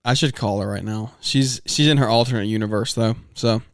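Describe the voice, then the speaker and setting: A man's voice: medium pitch, brisk, dry recording, studio quality. Laid-back man, short replies. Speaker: podcast guest. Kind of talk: casual chat.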